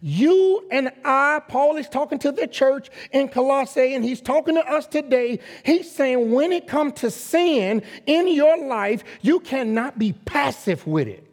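A man preaching a sermon as a guest pastor, emphatic and calling for responses from the congregation, rising to loud exhortation. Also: very high voice, lively intonation, a little slow, hardly any pauses. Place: church sanctuary. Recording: long reverb of a large hall.

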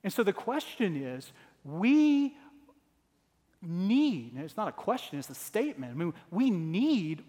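A man in his forties preaching a sermon as pastor, earnest, building to emphatic repeated phrases. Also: on the high side. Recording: long hall reverb.

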